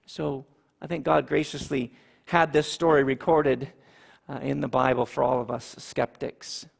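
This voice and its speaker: A man preaching a sermon, animated, with dramatic pauses and repeated phrases. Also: mid-range voice, vocal fry, long reverb tail. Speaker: pastor.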